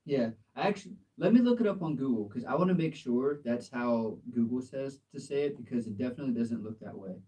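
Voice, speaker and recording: An American man tutors English in a relaxed live session, gently correcting pronunciation and laughing often. His voice is mellow and warm, and he sits a little back from the mic. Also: mid-range voice, fairly quick, hardly any pauses, far from the mic, low-quality recording. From United States. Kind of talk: live language exchange lesson.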